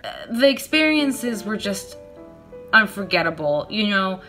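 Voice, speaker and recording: A young woman shares a personal story in a casual vlog, chatty and self-deprecating. Her voice is bright and a little sharp. She acts out her own flustered replies in a jumpy, squeaky way. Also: big pitch swings, moderate pace, faint music behind. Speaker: vlogger.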